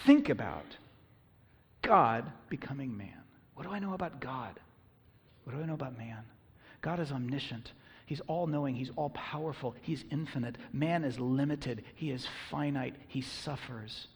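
A man's voice: medium pitch, animated, a little slow, husky, in a large hall. A man preaching a sermon as pastor, earnest and emphatic, with rhetorical questions.

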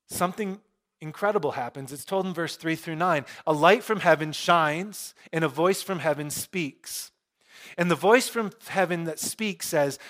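A middle-aged man preaching a conversational sermon, with joking asides and animated emphasis. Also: fairly high pitch. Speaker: pastor.

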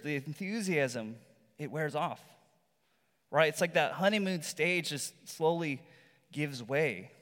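A male pastor giving a sermon in a relaxed, conversational storytelling manner, with rhetorical asides to the congregation. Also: fairly high pitch. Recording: long reverb from a large hall.

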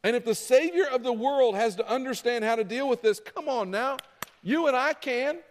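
A man's voice: very high voice, moderate pace, in a large hall, a little hiss or hum. A man preaching a sermon as pastor, talking conversationally to the congregation and acting out their objections in their voices.

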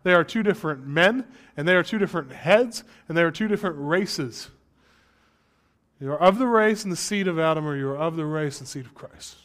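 A young man preaching from the pulpit with a notably high voice. He talks candidly and conversationally, then presses hard on his main points. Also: animated, a little fast, a bit bright. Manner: candid, conversational, with rising emphatic passages. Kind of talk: sermon.

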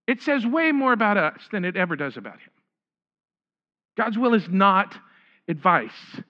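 Delivering a sermon at a moderate pace, a male pastor with a high, bright voice stumbles over and repeats words as he works through the text. He gets animated and acts out the lines he quotes, and the recording is a bit dull and lo-fi.

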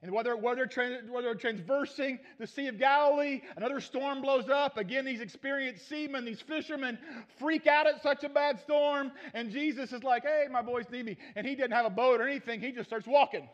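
A male preacher, retelling Bible stories in a lively sermon and acting out the characters in folksy voices. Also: very high voice, fairly quick, few pauses. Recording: dull muffled recording.

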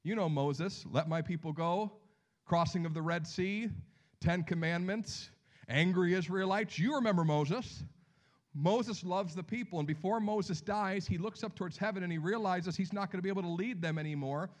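Speaking at an ordinary pace in a high voice, this man delivers a sermon as pastor. He brings the story to life by acting out voices and sinks to near-whispers to make a point.

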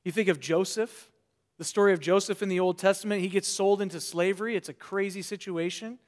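A pastor with a high-pitched voice delivers an earnest sermon. His delivery rises to loud emphasis and then sinks to quiet, trailing phrases. He often restarts with repeated words. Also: steady tone, fairly quick.

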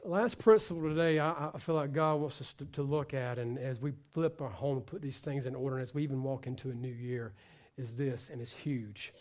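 A man's voice: medium pitch, a little fast, darkish tone. A pastor preaching to his congregation, emphatic, repeating himself and restarting phrases as he builds a point. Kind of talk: sermon.

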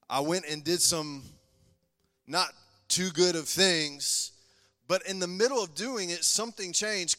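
Male pastor, high bright voice, passionate testimony, hall reverb. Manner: passionate testimony, swings between loud and hushed. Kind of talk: sermon.

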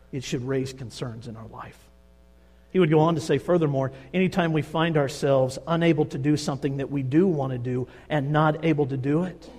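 A man's voice: mid-range voice, a little mellow, breathy edge. A man preaching a sermon, telling a story and acting out the quoted lines with rising intensity. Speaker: pastor. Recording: long reverb of a large hall.

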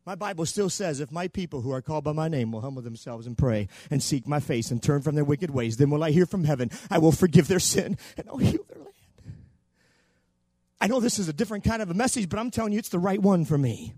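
A man preaching a sermon in a church, impassioned and shouting at the peaks. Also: a little high, lively intonation, fast talker, no room sound. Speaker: pastor.

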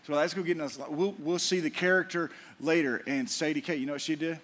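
A middle-aged man preaching a sermon to his church, folksy, joking with the congregation and animated. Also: fairly high pitch, fast talker. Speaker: pastor.

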